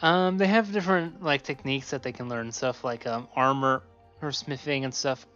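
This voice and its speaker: Excited man streaming, lo-fi sound. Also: medium pitch, moderate pace, faint music behind. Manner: excited, chatty, narrates what he sees. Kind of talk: casual chat while gaming.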